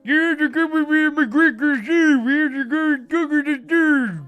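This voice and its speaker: A man voicing a goofy, blustering galactic emperor in a high, squealing fake gibberish accent, comically yelling and scolding. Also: normal speed, faint music behind. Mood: pompous, boisterous. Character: goofy mock-Swedish chef version of a galactic emperor, male, blustering.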